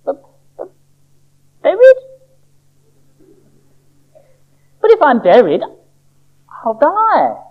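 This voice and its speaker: Reader doing a jumpy high little seed guy, begging and excited, muffled audio. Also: moderate pace. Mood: eager. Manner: excitable, pleading. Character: anxious restless young male seed. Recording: dull lo-fi recording.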